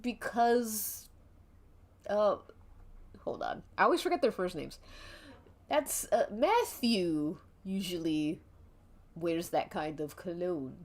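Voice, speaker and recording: A woman's voice: fairly low pitch, lively intonation, takes it slowly, long pauses. A woman voicing a weepy, heartbroken middle-aged male professor who stammers and gets suspicious in an interactive mystery game. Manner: flustered, stammering.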